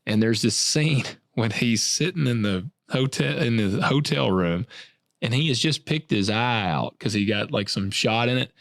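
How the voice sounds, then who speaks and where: A man's voice: medium pitch, lively intonation, a bit bright, dry recording. Laid-back man, dry close sound. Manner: laid-back, storytelling, drawn-out fillers. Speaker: podcast co-host. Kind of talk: casual chat.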